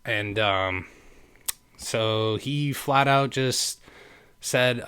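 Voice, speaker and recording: A man's voice: medium pitch, extremely slow, sharp tone, clear, resonant tone. A man in his late twenties hosting a podcast, telling a personal story in an earnest, rambling way and speaking straight to his listeners. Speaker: podcast host.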